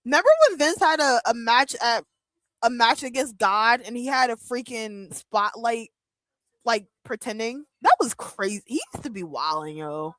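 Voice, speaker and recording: A young woman chatting casually as host of a wrestling watch-along, excitable and full of fillers and laughs. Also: fairly high pitch, moderate pace, no room sound. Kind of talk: casual chat.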